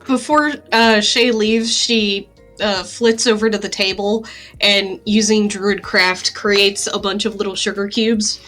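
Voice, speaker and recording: A woman's voice: mid-range voice, fairly even intonation, measured pace, a bit bright, soft background music. A woman playing a tabletop game, describing her character's actions with hesitant fillers. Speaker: player. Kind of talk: casual tabletop play.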